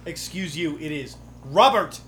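On a podcast, a man who served as the campaign's game master chats casually, rambling, cutting himself off mid-sentence and swearing offhandedly. His voice is fairly high and fairly bright, with lively intonation and a measured pace. A little hiss or hum sits in the recording.

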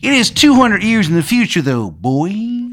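A man's voice: high voice, very animated, moderate pace, fairly bright tone, voice pushed up, exaggerated voice. A man voicing a goofy, brash stranger in a question-mark trench coat, in a bad put-on Maryland accent, calling everyone "boy" and "hun". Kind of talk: improvised comedy character.

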